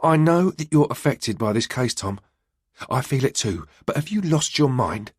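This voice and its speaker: A man's voice: mid-range voice, expressive, normal speed, husky, dry recording, clean studio sound, pitched above the performer's own voice. A man voicing an empathetic but firm woman police detective in an audiobook. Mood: earnest. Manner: firm, earnest.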